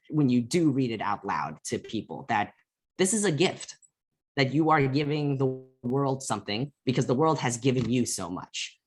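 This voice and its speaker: A man's voice: medium pitch, a bit bright. A young adult man leading a poetry workshop over a video call, speaking in a casual, emphatic, conversational way. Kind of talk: casual teaching talk.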